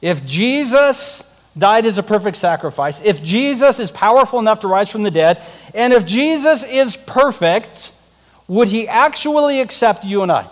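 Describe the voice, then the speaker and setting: An animated male preacher with a fairly high voice tells a story and acts out its scenes. He talks straight to the audience in a storytelling sermon style. His voice rings with long hall reverb. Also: normal speed.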